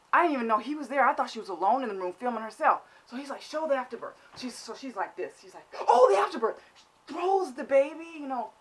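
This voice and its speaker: A woman's voice: high-pitched, a bit bright. A woman vlogger telling a comic story in an exaggerated, mock-dramatic way. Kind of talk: comedic storytelling vlog.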